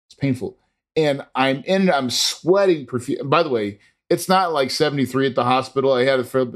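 Man, casual first-person storyteller, earnest and rambling, lots of restarts. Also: medium pitch. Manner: imitates monitor beeps.

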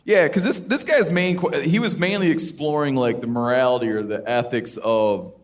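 A man hosting a live podcast, bantering and joking with his co-hosts in a lively way. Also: a little high, normal speed. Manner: lively, joking, bouncy delivery. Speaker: podcast host.

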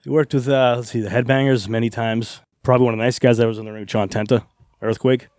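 A man's voice: mid-range voice, steady tone, quick pace, darkish tone, no room sound, clean studio sound. A middle-aged man, a former wrestler, rambling through anecdotes in a casual interview with frequent laughs and swearing.

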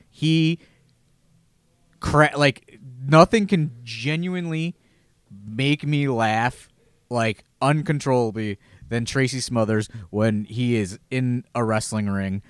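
A man's voice: mid-range voice, slow pace, clear, resonant tone, dry recording. Podcast co-host, man in his thirties, swears freely, dry close sound. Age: 30s. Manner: profane, animated, voices others in quotes. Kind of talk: casual podcast storytelling.

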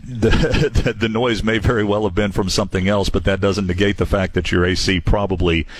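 A man hosting a home improvement call-in radio show, friendly and quick to laugh. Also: on the low side, fairly even intonation, no room sound. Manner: friendly, laughs easily, keeps things moving.

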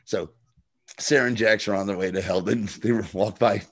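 A man co-hosts a podcast in casual chat, laughing often and swearing freely. His voice sits fairly low, and he slips into quoted lines as he retells scenes. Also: steady tone, moderate pace, fairly bright tone, breathy edge. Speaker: podcast co-host.

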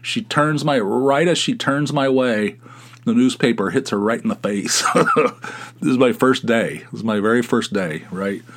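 A middle-aged man from West Virginia, a podcast host, telling rambling, animated stories with chuckles in a casual style. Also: medium pitch, normal speed. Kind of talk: casual anecdotal storytelling.

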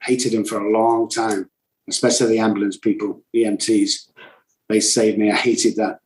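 A man's voice: fairly low pitch, little pitch movement, moderate pace, reverberant, slight background noise, low-quality recording. A middle-aged man, telling his own recovery story in a blunt, intense way as a podcast guest. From England. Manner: blunt, intense, self-described loud and cocky. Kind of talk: emotional personal storytelling.

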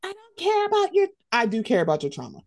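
A woman with a fairly high voice trades frank, swearing-heavy gossip with her co-host in a loose, animated chat. She keeps breaking into exaggerated mocking impressions of the people she is talking about. Her delivery is quick and opinionated. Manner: blunt, profane, animated; slips into mocking impressions of others. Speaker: podcast co-host.

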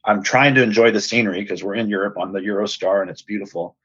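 Brief: lowish, husky male host, earnest storyteller, dull dry recording. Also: fast, dry recording. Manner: earnest, animated retelling with quoted dialogue. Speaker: podcast host and speaker. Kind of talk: personal storytelling.

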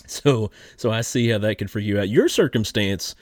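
A man's voice: fairly low pitch, lively intonation, measured pace, darkish tone, dry recording, clean studio sound. A man hosting a podcast, telling stories in a laid-back way and laughing often. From Kentucky. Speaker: podcast host. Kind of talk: casual podcast chat.

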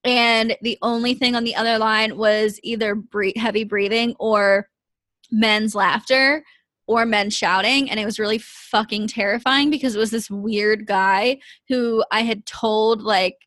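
A woman's voice: on the high side, fairly even intonation, a little slow, fairly bright tone, no room sound. A woman co-hosting a casual chat, candidly telling a personal story with plenty of swearing. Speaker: podcast co-host.

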